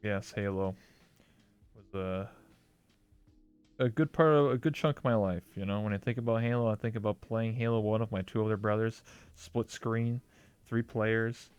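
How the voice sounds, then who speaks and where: A man's voice: fairly low pitch, fairly even intonation, a little slow, pauses often, darkish tone, clean tone, dry recording, highs cut off, faint music behind. A man hosting an interview in casual, playful, jokey chat over an online voice call. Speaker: host.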